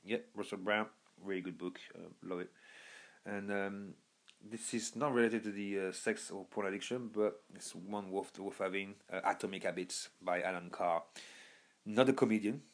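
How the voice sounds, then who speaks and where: A young man from Birmingham with a lowish voice, chatting casually as a podcast host. He rambles, trailing off and restarting with plenty of fillers. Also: level tone, moderate pace. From Birmingham, England. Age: young adult. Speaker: podcast host recommending books. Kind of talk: casual monologue.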